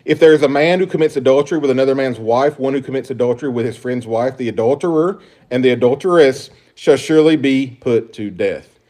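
A man's voice: medium pitch, fairly quick, dark tone. A man preaching a sermon, emphatic and full of rhetorical questions, rising and dropping in volume as he stresses points. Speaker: pastor.

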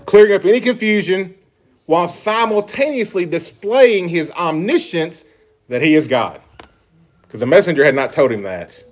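A pastor preaching an earnest sermon, reading scripture aloud with emphatic stresses. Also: male voice, on the high side, animated, normal speed.

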